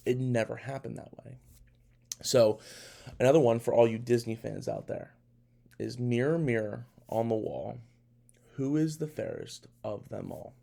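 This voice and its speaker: A young man talks through a casual solo podcast. He sounds animated and incredulous and often restarts his sentences. His voice sits at a middling pitch with plenty of gravelly fry. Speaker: podcast host.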